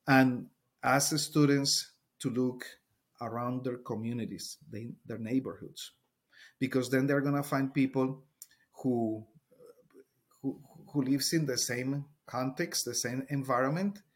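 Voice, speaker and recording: Colombian-accented man, husky voice. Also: mid-range voice. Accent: Colombian Spanish. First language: Spanish. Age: middle-aged. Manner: earnest, explanatory, repeats words while searching for them. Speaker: teacher. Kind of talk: interview conversation.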